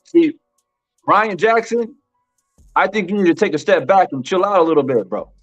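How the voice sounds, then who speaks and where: Speaking in a high-pitched, expressive voice at a moderate pace, this man hosts a live boxing commentary stream. He presses his points on the chat, repeats them, and drops "bro" often, over dull lo-fi audio with faint music.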